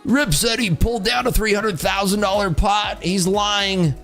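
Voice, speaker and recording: A man's voice: high voice, measured pace, soft background music, pitched above the performer's own voice. A man voicing an angry, jealous male viewer who hates the streamer. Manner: shouting, whiny.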